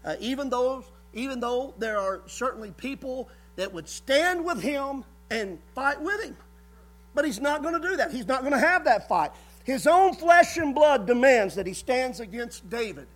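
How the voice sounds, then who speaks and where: A man's voice: extremely high pitch, lively intonation, normal speed. A man preaching a sermon in a folksy way, repeating words and briefly acting out the people he quotes.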